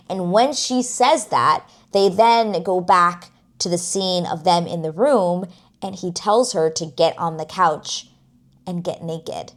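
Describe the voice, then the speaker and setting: Low-voiced woman ranting about a series. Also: measured pace. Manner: emphatic and outspoken, heavy use of "like", swears. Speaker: TV series reviewer. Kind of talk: casual review vlog.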